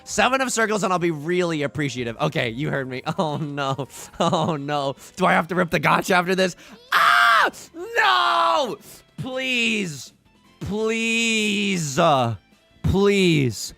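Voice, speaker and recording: A man's voice: fairly high pitch, animated, unhurried, vocal fry, a bit bright, soft background music. A man streaming a tile game, joking and pleading dramatically as he plays. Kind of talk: casual livestream commentary.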